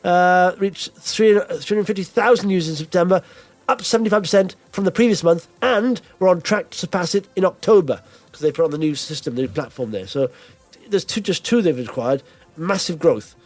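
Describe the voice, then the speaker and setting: A man with a voice a little higher than most, telling jokes and rambling through casual podcast chat. Faint music sits behind him. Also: animated, a little fast, dry recording. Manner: rambling, jokey, full of fillers. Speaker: podcast host.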